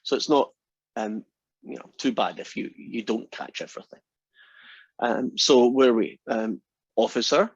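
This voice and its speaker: A man's voice: medium pitch, normal speed, vocal fry, pauses often, breathy edge, no room sound. Scottish male math instructor, dry teasing wit, close dry sound, muffled lo-fi recording. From Scotland. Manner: dry teasing humor, relaxed and chatty. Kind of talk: classroom lecture.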